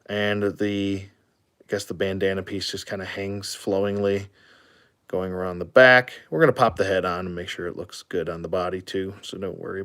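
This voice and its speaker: A man's voice: lowish voice, fairly bright tone. A man giving a casual, rambling toy review, with frequent fillers and chuckles.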